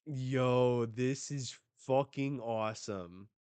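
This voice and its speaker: Male reaction host, casual and swearing, unhurried delivery, clean close sound. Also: mid-range voice, clear, resonant tone, dry recording. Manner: excitable, swears a lot, casual slang. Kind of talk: live reading and reaction commentary.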